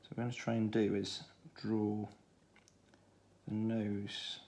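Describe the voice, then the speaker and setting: Low gravelly man with a Stoke accent. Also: slow pace. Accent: Stoke-on-Trent English. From England. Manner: relaxed, thinking aloud while drawing. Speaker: art tutor. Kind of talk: drawing tutorial for children.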